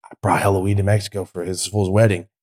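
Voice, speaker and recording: A man, a podcast guest, telling stories in a casual, profane and animated way and acting out the voices of the people in them. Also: deep voice, quick pace. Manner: profane, animated, acts out quotes. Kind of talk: casual storytelling.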